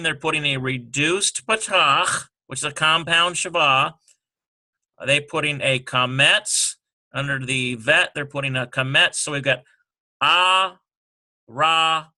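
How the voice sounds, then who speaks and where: A man slowly working through a language exercise, sounding out syllables and spelling letters one by one. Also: a little high, sharp tone. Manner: slow and halting, sounding out syllables. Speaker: Hebrew teacher. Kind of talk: screen-recorded lesson walkthrough.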